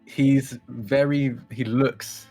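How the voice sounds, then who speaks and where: A man's voice: mid-range voice, steady tone, extremely slow, dark tone, soft background music. A man, a player in a tabletop game, casually introducing himself and his character with fillers and laughs. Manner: loose, laughing, filler-heavy.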